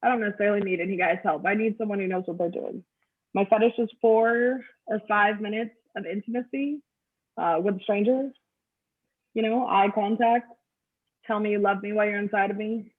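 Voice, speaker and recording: A woman's voice: mid-range voice, fairly even intonation, a little fast. A middle-aged woman performs stand-up comedy over a video call, her delivery crude and offhand. Her voice sits in a middle register. The sound is tinny and narrow, like a phone line.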